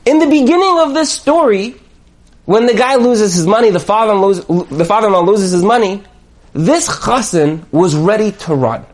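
A man giving a storytelling sermon as a religious teacher, animated and chuckling as he talks. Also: sits high, normal speed. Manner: animated storyteller who chuckles while talking.

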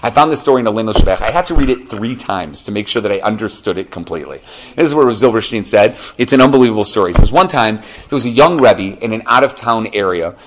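A man giving a casual Torah class, animated and conversational, often checking in with the listener. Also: fairly low pitch, quick pace, slight background noise, low-quality recording. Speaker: Torah teacher.

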